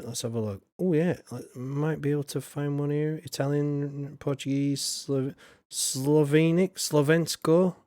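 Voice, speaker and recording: A man's voice: fairly high pitch, darkish tone, no room sound. A man streaming a farming game, rambling casually and greeting viewers by name. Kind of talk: casual gameplay commentary.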